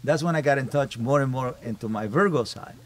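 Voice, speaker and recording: A man's voice: mid-range voice, brisk. Emphatic man talking as a podcast host. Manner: emphatic, repeats phrases while building a point. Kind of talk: casual family podcast chat.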